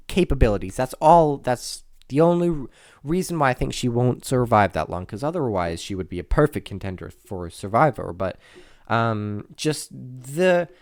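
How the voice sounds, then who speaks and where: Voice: mid-range voice, a bit bright, dry recording. A host rambling through contest predictions in a playful way, correcting themselves and making jokey asides, close to the microphone. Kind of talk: casual rambling commentary. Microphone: close desk microphone.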